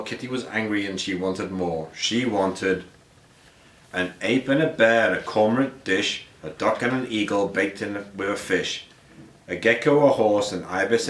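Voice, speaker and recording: A man reading a rhyming picture book aloud in a rhythmic cadence, with some slips and restarts. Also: on the low side. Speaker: storyteller. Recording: roomy echo.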